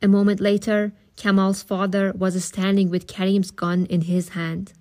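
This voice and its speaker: Calm woman reading a novel aloud. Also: mid-range voice, moderate pace. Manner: calm, steady. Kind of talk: audiobook-style reading.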